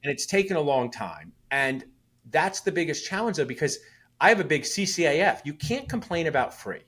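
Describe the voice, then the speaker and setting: A man's voice: on the high side, a little fast. A man, a guest on a podcast, talking casually and emphatically, telling stories and acting out quoted remarks. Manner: animated, emphatic, tells stories with voiced asides. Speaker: podcast guest, founder of an online dentist community. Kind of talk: casual interview talk.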